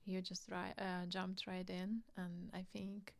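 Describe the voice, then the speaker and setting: A woman co-hosts a casual podcast chat, speaking hesitantly with many fillers and warm compliments. Her voice has a gravelly, fried edge. The sound is close and dry. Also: on the low side, level tone, slow, no room sound. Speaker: podcast co-host, filmmaker.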